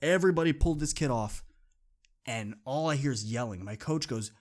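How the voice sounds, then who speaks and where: A man's voice: medium pitch, lively intonation, a little fast. A man hosting a motivational podcast, telling a personal story in an earnest, conversational way and repeating phrases for emphasis. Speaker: podcast host.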